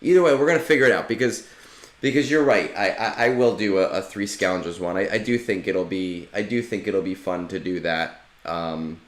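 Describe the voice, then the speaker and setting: Low-voiced male streamer, loose and swearing. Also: roomy sound. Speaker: game streamer. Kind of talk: casual live-stream chat.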